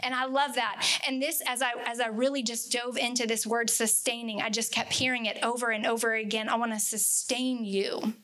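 A woman with a fairly high, bright and forceful voice leads a casual Bible study. She talks in an earnest, conversational way and repeats words for emphasis. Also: little pitch movement, fairly quick, few pauses.

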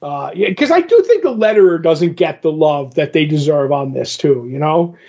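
Man, slightly high voice, rambling casual retelling, dull lo-fi sound. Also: animated, moderate pace, darkish tone. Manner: rambling, acts out quoted lines. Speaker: podcast co-host. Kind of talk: casual chat, retelling a comic book. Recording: dull lo-fi recording.

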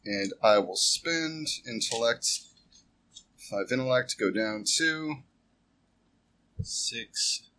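A man's voice: fairly low pitch, a little hiss or hum. A man playing a tabletop role-playing game, joking and talking as his character. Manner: animated, jokey, slips into a character voice.

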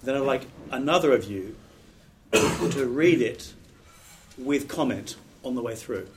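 A man's voice: medium pitch, animated, a little slow, heavy background noise. A middle-aged British man, a pastor, giving a training talk on preaching in an earnest, emphatic, conversational way with restarts. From Britain.

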